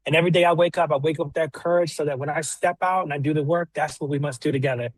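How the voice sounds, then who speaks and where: A man's voice: fairly high pitch, fairly even intonation, very fast, no room sound, rough recording. Fervent man giving a rally speech. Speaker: guest speaker, organizer.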